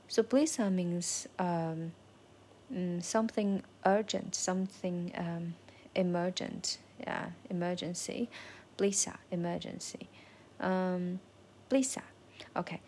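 A woman whose first language is Chinese keeps a casual spoken learning diary, pausing often with fillers and repeating phrases to practise them. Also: medium pitch, steady tone, a little mellow, slight background noise.

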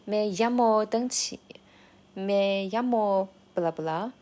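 Slow, hesitant woman with a Chinese accent. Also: mid-range voice, dark tone. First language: Mandarin Chinese. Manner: hesitant, many fillers, slow careful enunciation of practice phrases. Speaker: language learner keeping a video diary. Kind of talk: casual spoken study diary.

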